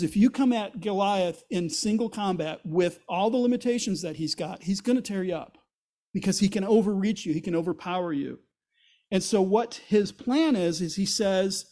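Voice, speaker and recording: In a church, a man preaches as pastor with a high voice, dark tone, and normal speed. He explains things conversationally, poses rhetorical questions, and gives voice to the quotes he reads.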